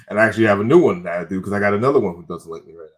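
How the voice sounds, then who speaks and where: A man's voice: lowish voice, animated, rapid-fire. A man, a comedian guest on a podcast, telling rambling stories in casual chat and correcting himself as he goes. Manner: rambling anecdotal storytelling with self-corrections.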